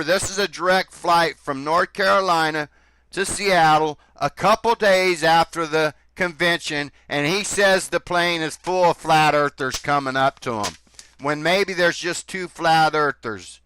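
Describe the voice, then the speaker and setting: Scornful man with a bright, crisp voice. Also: on the high side. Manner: scornful, sarcastic. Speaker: commentator reacting to clips. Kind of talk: critical commentary.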